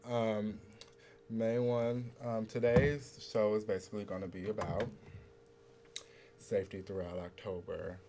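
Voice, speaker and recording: A man's voice: on the low side, flat delivery, a little slow, mellow. A young man co-hosting a youth talk show, laid-back and chatty, leaning on fillers. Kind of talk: casual talk-show chat.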